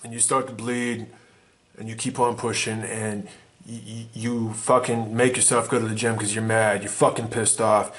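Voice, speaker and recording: A man's voice: fairly low pitch, little pitch movement, normal speed, a bit bright. A man giving a blunt, swearing motivational monologue to the camera as a vlogger. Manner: intense, profane, emphatic.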